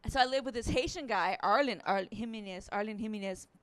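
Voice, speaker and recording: Woman, stand-up comic, profane, rambling, bright, sharp tone. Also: mid-range voice, fast, dry recording. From Alabama, US. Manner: rambling, profane, self-mocking. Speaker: stand-up comedian. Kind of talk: stand-up set. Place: resort stage, in front of a live audience.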